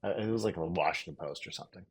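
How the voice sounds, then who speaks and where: A man with a very low, deep voice tells a tour story on a podcast. His delivery is dry and wry, with casual swearing tossed in. It sounds like relaxed, unscripted chat between co-hosts. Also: very fast, slightly rough. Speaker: podcast co-host.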